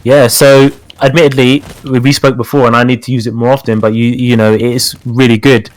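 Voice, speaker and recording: A British-accented guest specialist talks casually through a fighting-game tutorial, full of fillers and repeated words. His medium-pitched voice barely moves in pitch, and he speaks a little fast.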